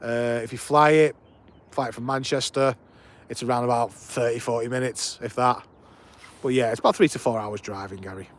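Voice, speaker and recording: A man's voice: medium pitch, fairly even intonation, normal speed. A man, hosting a live stream outdoors and chatting with viewers in a casual, enthusiastic way. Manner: chatty, greets viewers by name, enthusiastic commentary. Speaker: livestream host. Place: outdoors at an airport.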